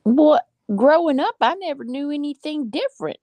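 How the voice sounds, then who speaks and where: Higher-voiced woman chatting, dry sound. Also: lively intonation, normal speed, dark tone, dry recording. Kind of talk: casual chat.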